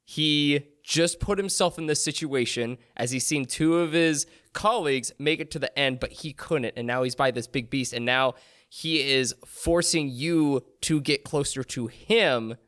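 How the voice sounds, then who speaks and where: A man playing a tabletop game who talks in an excitable, flustered and jokey way. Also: a little high, measured pace. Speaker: player.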